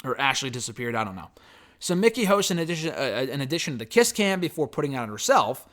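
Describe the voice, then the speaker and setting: A man's voice: medium pitch, very animated, quick pace, a bit bright. A man giving a loose, chatty spoken recap and review of a wrestling show. He swears casually and waves off details with "blah, blah, blah.".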